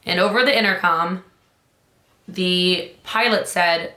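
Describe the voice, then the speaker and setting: An urgent, emphatic woman coach rallies her audience with a bright, forceful voice. Her pitch jumps on the points she stresses. The room around her sounds echoey. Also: a little slow. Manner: emphatic, urgent, rises high on key points. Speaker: business coach. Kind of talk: motivational talk.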